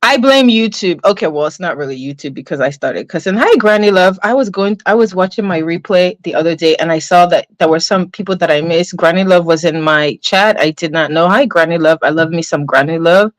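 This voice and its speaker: A woman hosting a casual livestream, venting in an animated way, swearing now and then and greeting viewers in her chat. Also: on the low side, brisk, hardly any pauses, no echo, poor audio. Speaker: livestream host.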